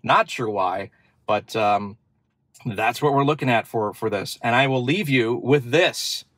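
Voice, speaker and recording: A man with a mid-range, fairly bright voice speaks a little slowly, with no room sound. Hosting a car channel from his parked car, he casually walks through its features, thinking aloud with fillers along the way.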